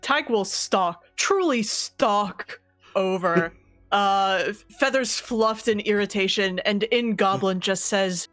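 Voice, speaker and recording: A woman playing in a tabletop game who speaks in a dry, deadpan way. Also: mid-range voice, slow pace, dry recording, soft background music. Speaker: player.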